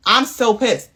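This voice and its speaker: A woman's voice: on the high side, bright, forceful tone, slightly rough. A frustrated woman vents to the camera, repeating herself for emphasis. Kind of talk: venting to camera.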